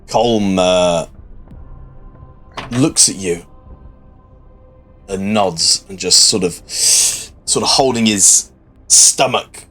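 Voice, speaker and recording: A man running a tabletop game with a husky voice and a slow, lively delivery. He narrates in a relaxed way, with faint music underneath. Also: deep voice. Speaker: game master.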